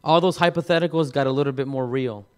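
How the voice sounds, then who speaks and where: A man preaching, telling a personal story in a halting way, with many repeated words and restarts. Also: medium pitch, darkish tone, clean tone. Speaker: pastor. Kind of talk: sermon testimony.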